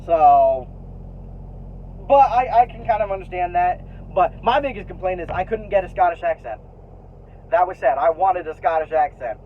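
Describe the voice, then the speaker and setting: A man's voice: high voice, expressive, moderate pace. A man vlogging in a casual, rambling way, full of fillers and restarts, and frank enough to swear when annoyed. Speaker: vlogger sharing opinions. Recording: tinny phone-like sound with faint noise.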